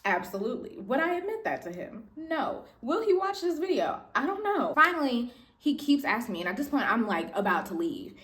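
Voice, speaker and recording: A young woman telling a story from her life in casual chat, animated and playful, jumping up in pitch for emphasis. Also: brisk.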